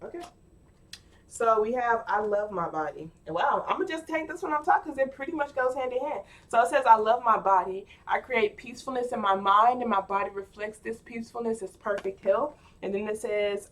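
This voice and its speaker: A woman's voice: medium pitch, normal speed, distant mic. A woman giving a casual tarot reading, chatty and playful, talking straight to her viewers with plenty of filler words. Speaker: tarot card reader.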